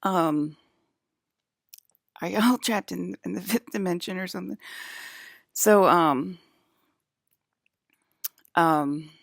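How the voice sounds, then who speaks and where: A woman's voice: fairly low pitch, slow, gravelly, long pauses, no echo, studio quality. A young woman streaming to her chat, rambling casually, giggling often and restarting her sentences with lots of fillers. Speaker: livestreamer talking to chat.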